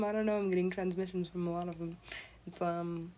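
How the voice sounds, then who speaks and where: A woman's voice: lowish voice, fairly even intonation, a little fast, warm tone. A young adult woman, a parent, rambling in a loose monologue, laughing often, swearing freely and acting out the voices she quotes.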